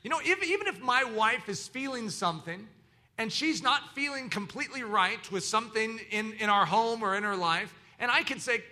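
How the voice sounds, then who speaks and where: A man's voice: high voice, animated, moderate pace, sharp tone. A man preaching a sermon as pastor, teaching in an emphatic, preacherly way.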